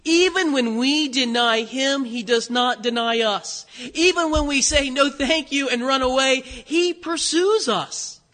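A man preaching a sermon to a congregation in an animated, conversational way. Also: very high-pitched, a little slow, few pauses. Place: church sanctuary. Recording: hall reverb.

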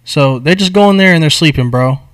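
A young man chats casually on a podcast, recounting a film plot with lots of swearing and slang. His delivery is animated and jumps between quiet asides and loud emphasis. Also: on the high side, fairly quick. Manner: animated, profane storytelling with slang. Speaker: podcast co-host. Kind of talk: casual chat, retelling a movie plot.

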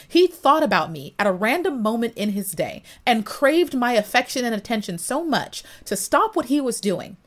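A young adult woman hosting a podcast livestream, speaking in a chatty, emphatic monologue and acting out little scenes with sudden louder bursts. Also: fairly high pitch. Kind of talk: casual opinion monologue.

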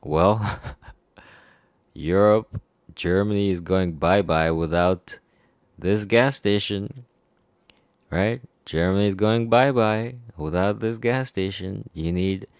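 A man's voice: on the low side, takes it slowly, pauses often, dry recording. A man in a rambling, profane monologue to camera, chuckling often between remarks. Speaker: vlogger. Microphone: personal microphone.

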